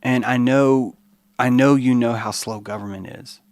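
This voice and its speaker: A man's voice: medium pitch, unhurried, dry recording. Guy ranting on his podcast, swearing a lot, fired up, dry close mic. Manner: animated, profane, rambling. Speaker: podcast host. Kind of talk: monologue podcast rant.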